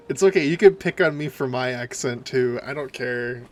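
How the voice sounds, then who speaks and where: A man with a Minnesotan accent from the northern United States chats casually and ramblingly while streaming a game. His voice is mid-range, and the recording carries a little hiss or hum.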